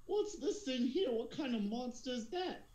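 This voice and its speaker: A man voicing a loud, rambunctious little red goblin pirate in a high, squawking, excitable voice. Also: normal speed, echoey room. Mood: excited.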